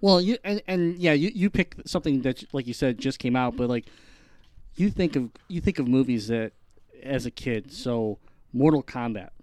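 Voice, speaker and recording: A man hosting a casual podcast chat, halting with restarts. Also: medium pitch, animated, darkish tone, no room sound.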